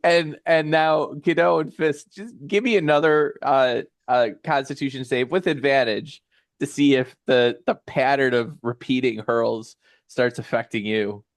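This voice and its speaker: Brief: male game master, unhurried halting narration, medium pitch, dry close mic. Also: steady tone, dry recording. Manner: halting, many fillers, laughs often.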